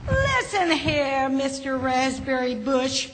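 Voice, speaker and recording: A woman voicing a group of angry, selfish garden vegetables, speaking loudly and slowly in a scolding tone. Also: high voice, lively intonation, voice pushed up. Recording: hall with faint background noise.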